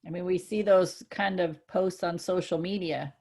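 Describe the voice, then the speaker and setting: A woman co-hosting a casual spiritual chat, earnest and reflective, growing excited when she gives examples. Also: on the low side, moderate pace, hardly any pauses. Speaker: co-host.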